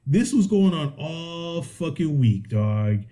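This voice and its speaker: Swearing animated man telling a story. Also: on the high side, takes it slowly. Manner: animated, swears constantly, acts out exchanges. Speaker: podcast co-host. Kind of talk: casual profane storytelling.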